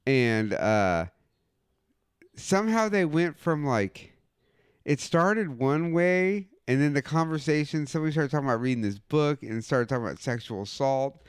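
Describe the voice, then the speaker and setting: A man co-hosts a casual chat show and tells a rambling, profane story. His voice is smooth and resonant, in a middle register. The sound is dry and close, with no room around it. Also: medium pitch, lively intonation, moderate pace, no echo. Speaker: co-host.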